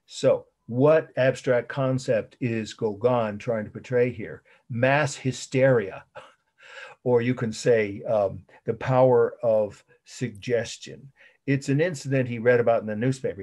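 A man's voice: lowish voice, a little mellow, breathy edge. A middle-aged man giving a conversational art history lecture, often repeating words and chuckling at his own asides. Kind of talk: classroom lecture.

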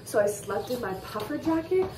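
A woman's voice: fairly high pitch, animated, roomy sound, recorded from a distance, noisy background. A woman teasing and joking with friends while baking cookies in a home kitchen. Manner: teasing, sassy, quick to joke. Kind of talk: casual chat.

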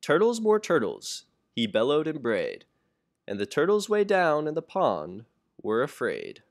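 A man's voice: medium pitch, unhurried, gravelly. Young man reading a rhyming storybook aloud. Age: young adult. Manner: expressive, sing-song rhyming. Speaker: children's book reader.

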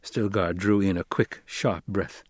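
A man reading scripted audiobook narration in a measured, even storytelling manner. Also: sits low, no room sound, clean studio sound.

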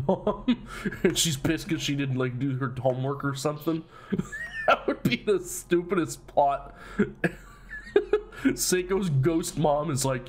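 A man's voice: medium pitch, a little hiss or hum. A man commentating casually on a horror game, reading its dialogue aloud and joking with lots of swearing. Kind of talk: casual let's play commentary.

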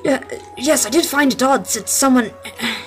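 A woman's voice: high voice, normal speed, a little hiss or hum. A woman playing through a game and reading its dialogue aloud with melodramatic voices, laughing between lines. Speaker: let's play gamer voicing game dialogue. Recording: game music playing behind.

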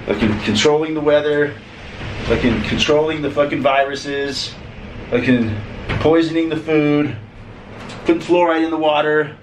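A man's voice: fairly high pitch, unhurried, long pauses. Sick, grumbling man in an echoey room. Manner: rambling, profane, complaining. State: sick with flu and sore throat. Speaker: vlogger. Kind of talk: casual monologue to camera. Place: cold room with frozen windows. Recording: roomy echo with faint noise.

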